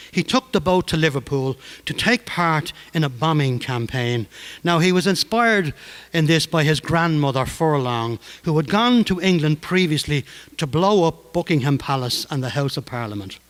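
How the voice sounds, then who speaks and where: A man's voice: fairly high pitch, moderate pace. Older man telling stories. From Ireland, Dublin. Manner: humorous, lively. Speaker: storyteller. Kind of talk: anecdotal storytelling.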